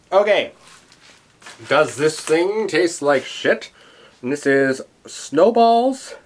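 A man's voice: lowish voice, fairly bright tone, a little hiss or hum. A young man vlogging a taste test, talking in a rambling, chatty way with many asides. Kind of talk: casual chat to camera.

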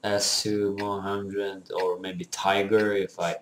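Slow-talking young man commentating a game. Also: sits low, little pitch movement, reverberant, slight background noise, low-quality recording. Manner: rambling, teasing, non-native phrasing. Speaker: gamer. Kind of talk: casual gameplay commentary.

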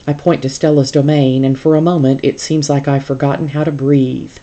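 A teacher reading a novel aloud to a class in a calm, steady storytelling manner. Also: medium pitch, fairly quick, few pauses.

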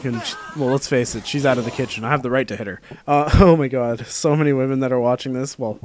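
A man's voice: mid-range voice, fast talker, slight background noise. A young man giving casual, rambling let's-play commentary into a desk microphone, full of joking asides. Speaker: gameplay commentator.

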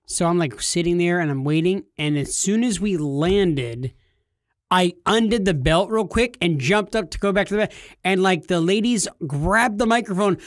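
A man in his thirties, a podcast co-host, telling a funny story casually and jumping into high, shouty voices when he quotes people. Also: normal speed, no room sound, studio quality.

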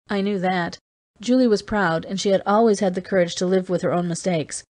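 A woman reads a novel aloud in the first person, steady and measured. Her narration keeps an even, unhurried line between the dialogue. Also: medium pitch, dry recording. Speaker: audiobook reader.

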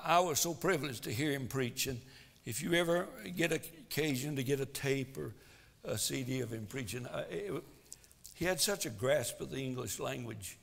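A man preaching a sermon in a church, swinging between loud exhortation and quiet asides. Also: medium pitch, vocal fry, long reverb tail. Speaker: pastor. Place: church sanctuary.

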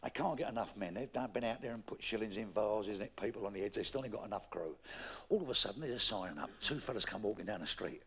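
A man's voice: on the low side, fast talker, a bit bright. A man, doing a stand-up comedy routine on a theatre stage and telling long joke stories. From England. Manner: gravelly voice, puts on voices for the characters in his stories. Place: live theatre stage with an audience. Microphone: stage microphone. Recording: noisy early 1990s live show tape.

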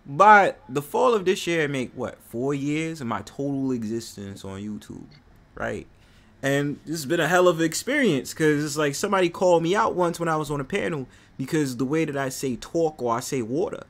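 A man from New York with a New York accent, hosting a casual panel chat on his stream, slangy and animated. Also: on the high side, normal speed. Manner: animated, laughing, slangy storytelling. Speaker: stream host.

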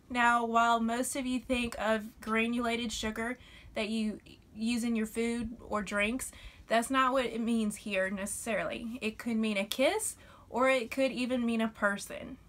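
A woman's voice: a little high, fairly bright tone. A young woman from Alabama with a Southern accent, talking in a chatty, folksy way as she explains sayings in a casual vlog. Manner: chatty, folksy, uses y'all and fixing to. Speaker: vlogger.

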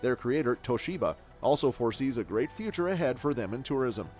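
A man delivers scripted news narration at a mid-range pitch, reading each line evenly and steadily. Soft music plays faintly underneath his voice. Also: expressive, fairly quick.

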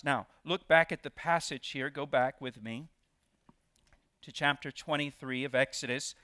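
A man preaching a sermon as pastor, with expressive delivery that leans hard on key words. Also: a little high, normal speed, no room sound, studio quality. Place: church.

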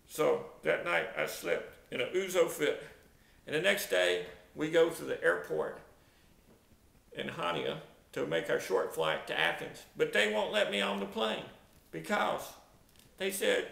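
A man's voice: fairly high pitch, a little slow, gravelly, a bit bright. A middle-aged man telling a comic travel mishap, dramatic and exaggerated, acting out sound effects. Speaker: storyteller, video narrator. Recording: roomy echo.

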